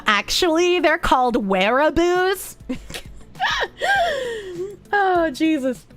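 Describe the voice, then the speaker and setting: A young woman with a bright, high voice and a Boston accent chats casually with her viewers. She is playful and swears freely, tossing in quick asides. Soft music plays faintly behind her. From United States. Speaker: streamer. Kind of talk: casual chat reading viewer messages.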